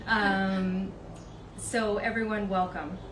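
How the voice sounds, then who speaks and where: A woman hosts a casual live wellness interview, speaking slowly and gently with frequent ums. Her voice sits back from the mic in a reverberant room, with faint noise behind her. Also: mid-range voice, fairly even intonation. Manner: gentle, unhurried, many ums. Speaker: host. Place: in Vancouver. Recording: echoey room, voice from a distance.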